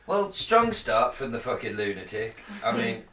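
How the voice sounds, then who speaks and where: A man's voice: medium pitch, very animated, moderate pace, pushed and bright. A man co-hosting a podcast, sarcastic and sweary in casual banter. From England. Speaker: podcast co-host. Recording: roomy, distant mic, faint noise.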